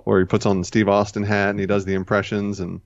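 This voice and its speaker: A man's voice: fairly low pitch, flat delivery, quick pace, dry recording. A man co-hosting a casual chat, rambling and correcting himself as he retells scenes. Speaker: podcast co-host. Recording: dull, lo-fi dry recording.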